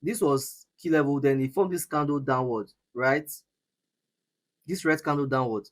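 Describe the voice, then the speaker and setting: A man's voice: medium pitch, moderate pace. A young Nigerian man from Edo State, mentoring traders in a live session, emphatic and repetitive, often restarting his sentences. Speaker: forex trading mentor. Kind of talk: live trading session teaching.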